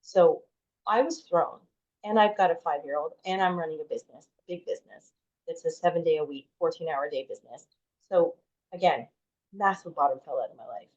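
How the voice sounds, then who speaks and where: A woman's voice: low voice, fairly quick, a little mellow. A woman in her forties, a podcast guest telling a personal story in a chatty way, full of "like" and restarts. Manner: chatty, heavy use of "like", frequent restarts. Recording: dull lo-fi audio.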